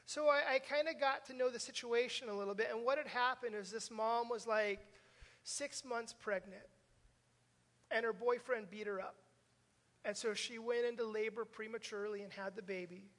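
An older man preaches to his congregation as their pastor, giving a conversational sermon with earnest storytelling aimed right at them in a church sanctuary. His extremely high voice is fairly bright, with fairly even intonation at a normal speed, and the hall adds long reverb.

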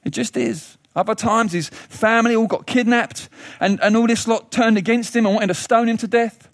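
A man preaching a sermon, telling a story with lively restarts and questions. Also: moderate pace. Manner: animated storytelling, rising pitch in questions; frequent restarts and thinking aloud.

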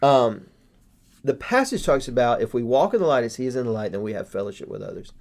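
Podcast host, male, mid-pitched, earnest and explanatory. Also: very animated, fast, darkish tone. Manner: earnest, explanatory, building points step by step. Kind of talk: casual faith podcast discussion.

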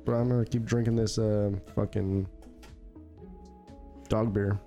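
A man's voice: lowish voice, little pitch movement, unhurried, warm tone, faint music behind. A young married man co-hosting a podcast, talking casually with hesitations and some swearing. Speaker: podcast co-host. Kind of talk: casual chat.

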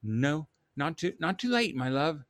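A man's voice: fairly high pitch, big pitch swings, a little slow, no room sound, pitched above the performer's own voice. A man putting on a drowsy, half-awake wife. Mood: sleepy. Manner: drowsy, soft.

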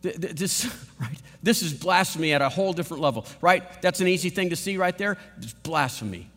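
A man's voice: fairly high pitch, lively intonation, a little fast, a bit bright, faint music behind. A man preaching a sermon in a large auditorium, emphatic and full of rhetorical questions. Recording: long hall reverb.

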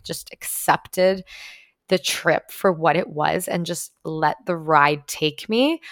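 A woman's voice: lowish voice, a bit bright, clean tone, dry recording, studio quality. A woman casually telling a personal story to her viewers, talking loosely with lots of "like" and frequent swearing. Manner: chatty, heavy use of "like", frequent swearing. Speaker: vlogger.

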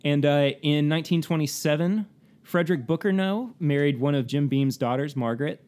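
A man's voice: a little high, a little fast, a little mellow. Chatty man with a rambling delivery. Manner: rambling and self-correcting, laughs often. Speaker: co-host of a whiskey tasting show. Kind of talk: casual chat.

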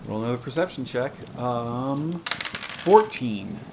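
A man's voice: medium pitch, expressive, measured pace, background noise. A man playing a tabletop game, laughing and exclaiming. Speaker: player.

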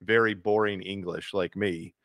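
A man's voice: low voice, fairly even intonation, moderate pace, a bit bright, no room sound. Co-host pria, suara rendah, rekaman kering tanpa gema, gaya ngomel sarkastis yang lucu. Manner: sarcastic, mock-American rants, swears freely. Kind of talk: casual comedic chat.

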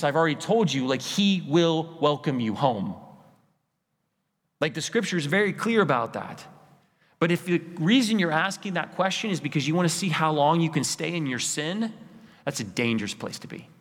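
Man preaching in a reverberant church. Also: a little high. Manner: earnest, pleading preaching with repeated rhetorical lists. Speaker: pastor. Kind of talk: sermon. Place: church sanctuary. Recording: church hall with long reverb.

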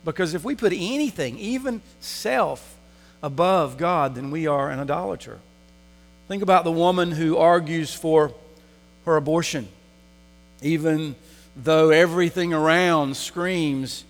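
A man's voice: on the high side, measured pace. Man preaching in a reverberant hall. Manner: asks the congregation rhetorical questions. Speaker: pastor. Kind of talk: sermon. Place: church sanctuary.

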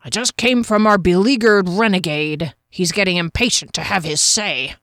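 A woman voicing a gruff, blunt male dwarf who speaks plainly. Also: fairly low pitch, moderate pace, a bit bright, dry recording, studio quality, lightly acted.

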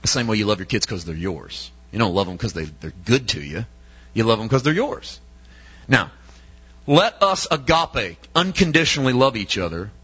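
A man's voice: on the low side, lively intonation, brisk, fairly bright tone, slightly rough, dull audio. A male preacher delivering an emphatic sermon, often asking his listeners rhetorical questions.

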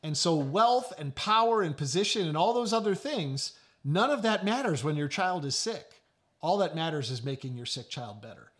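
A middle-aged man preaching a sermon. He tells a story in a conversational way and often drops to a low, quiet voice. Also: lively intonation, normal speed. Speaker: pastor.

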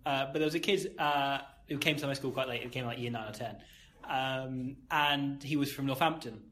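A man's voice: medium pitch, normal speed, fairly bright tone. A young man, co-hosting a podcast, reading quotes aloud with wry asides. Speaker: podcast co-host. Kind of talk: casual banter, reading out quotes.

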